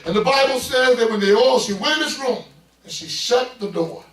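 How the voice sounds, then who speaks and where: High-voiced preacher in an echoey church. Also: male voice, expressive, normal speed, fairly bright tone, distant mic. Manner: preaching in rising bursts, calling out to the congregation. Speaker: pastor. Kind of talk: sermon. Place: church sanctuary.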